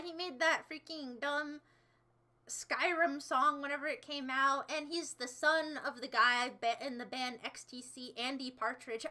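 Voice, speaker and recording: A woman's voice: high-pitched, pushed and bright. A young woman livestreaming, chatting to her viewers in a rambling, playful way with sudden dramatic outbursts. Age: young adult. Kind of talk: casual livestream chat.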